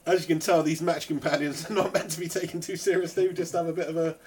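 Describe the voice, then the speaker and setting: A man hosts a casual football watch-along stream, giving live match commentary and banter in a jokey, laddish way and reading viewer comments aloud. His voice is fairly high and darkish in tone, level, and quick.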